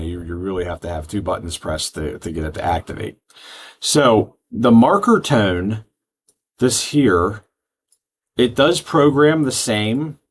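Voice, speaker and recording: A man giving a step-by-step software tutorial, explaining settings plainly with frequent ums. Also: low voice. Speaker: product trainer. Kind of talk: screen-recorded software tutorial.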